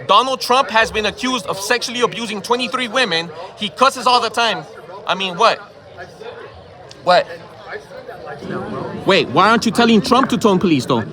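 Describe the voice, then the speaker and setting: A man confronting people in a heated outdoor argument, firing repeated questions and swearing, filmed on his own phone camera. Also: very high voice. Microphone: phone camera held by the speaker.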